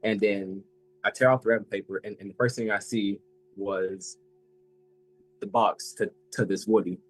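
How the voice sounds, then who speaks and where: An eighteen-year-old man chatting casually as a collector guest, halting and filling every pause with "like". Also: on the low side, steady tone, no room sound, faint music behind, low-quality recording. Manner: halting, fills with "like" a lot. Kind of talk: casual chat.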